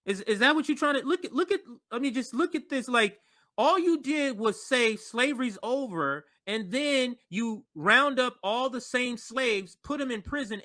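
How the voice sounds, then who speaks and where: A man's voice: very high-pitched, pushed and bright. A man giving political commentary in an emphatic, incredulous way.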